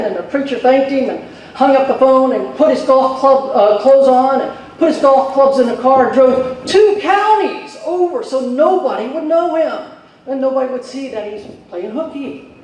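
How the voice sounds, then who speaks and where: A man emceeing on a convention stage, telling jokes and introducing speakers in a folksy, animated way. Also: very high voice, normal speed. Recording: echoey hall from far off.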